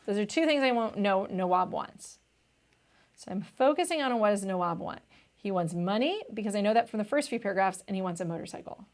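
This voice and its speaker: A woman's voice: medium pitch, animated, brisk, darkish tone. A young woman tutor explaining test questions in a chatty, casual way, often saying "vibe" and "like".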